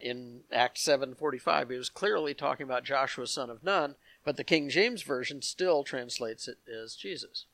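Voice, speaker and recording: A man's voice: medium pitch, normal speed, gravelly, hardly any pauses, fairly bright tone, dry recording. A man teaching verse by verse from the Bible, reading passages aloud and adding asides to his listeners. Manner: explanatory, reads passages aloud with asides to the congregation.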